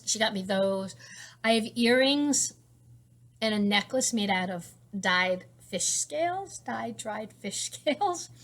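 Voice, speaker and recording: In a casual show-and-tell, a teacher hosting a knitting podcast shows her craft supplies at home, chatting in a rambling way full of fillers and restarts. Her voice is mid-range with a fairly bright tone.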